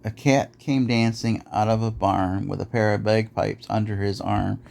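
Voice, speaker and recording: A man's voice: on the low side, fairly even intonation, moderate pace, gravelly, a little mellow. A man reading nursery rhymes aloud in a rhythmic, sing-song way, as host of a podcast.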